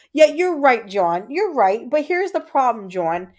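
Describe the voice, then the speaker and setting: A woman's voice: high-pitched, very animated, moderate pace, darkish tone. A woman in her thirties hosting a livestream, telling a family story in a chatty way and breaking off to answer her chat. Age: 30s. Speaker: livestream host. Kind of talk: casual chat with live chat viewers.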